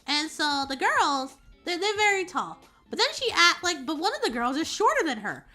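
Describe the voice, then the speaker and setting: A woman streamer chatting casually and telling a story in an animated, rambling way. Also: extremely high pitch, normal speed, soft background music. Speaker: VTuber streamer.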